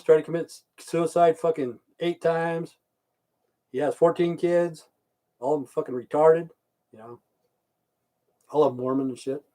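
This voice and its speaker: A man's voice: a little high, dark tone. A middle-aged man telling a rambling, crude story on a livestream, swearing constantly and repeating himself. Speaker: livestream host.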